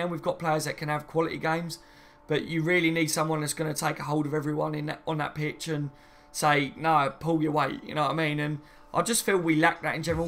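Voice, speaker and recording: A man's voice: fairly high pitch, fairly bright tone. A man chatting casually on a live stream, rambling and reading viewer comments aloud, saying "mate" and "you know what I mean" often. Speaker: football fan streamer.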